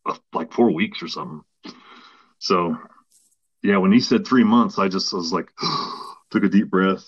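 Man, podcast guest, low voice, rambling casual storyteller, dull dry lo-fi recording. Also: normal speed, slightly rough, no room sound. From Texas. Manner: rambling, with many restarts and acted-out quotes.

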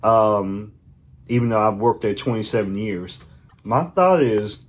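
Animated man acting out chatty banter. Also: on the low side, a little slow. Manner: animated, acts out imagined dialogue. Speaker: podcast co-host. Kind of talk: casual chat.

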